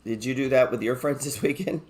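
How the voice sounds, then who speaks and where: A man's voice: medium pitch, brisk, a little mellow. A man hosting a live stock market show, chatting casually, joking and swearing freely as he talks through his trades. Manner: reads viewer chat aloud.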